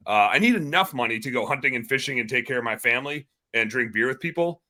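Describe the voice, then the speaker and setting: A man in his thirties, a guest entrepreneur on a podcast, talking in an energetic, excitable way and swearing casually. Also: mid-range voice, fast talker.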